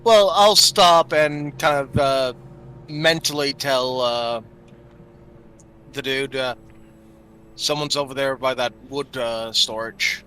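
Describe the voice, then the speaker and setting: Bright-voiced casual male player. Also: medium pitch, takes it slowly, pauses often, low-quality recording. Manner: casual, hesitant, uh-filled.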